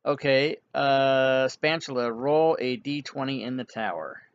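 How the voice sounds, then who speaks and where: A man's voice: mid-range voice, a little slow, smooth, muffled recording. A man narrating an online tabletop game as game master, casual and rambling, with many restarts.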